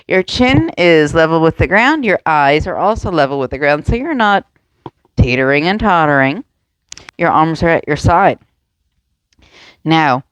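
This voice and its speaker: A woman's voice: lowish voice, dry recording. A woman leading a yoga lesson for children and their adults, encouraging, playful and full of questions to the kids. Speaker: kids' yoga instructor.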